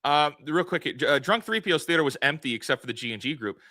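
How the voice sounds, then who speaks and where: A man from New York with a New York accent, co-hosting a podcast in an animated, excitable casual chat. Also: a little high, fast talker, no room sound. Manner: animated, excitable, laughs often. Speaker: podcast co-host.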